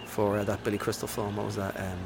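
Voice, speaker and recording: A man's voice: lowish voice, flat delivery, fast talker, gravelly, noisy background. A man hosting a casual movie chat, enthusiastic and rambling with lots of fillers.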